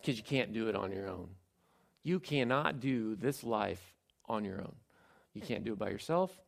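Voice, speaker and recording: Gravelly-voiced man preaching casually. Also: on the low side, animated, moderate pace. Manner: conversational, self-deprecating storytelling. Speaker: pastor. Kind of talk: sermon.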